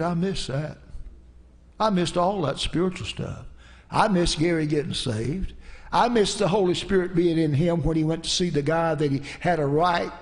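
A male pastor preaching a sermon in a church, telling stories in a folksy way and dropping in frequent amens. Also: sits high. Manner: folksy storytelling, peppered with "amen".

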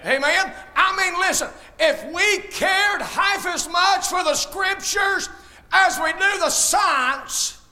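A man preaching at full volume, with a very high, piercing voice. He shouts his points, then drops into folksy, joking asides. It is a fiery sermon from the pulpit. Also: takes it slowly. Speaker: pastor.

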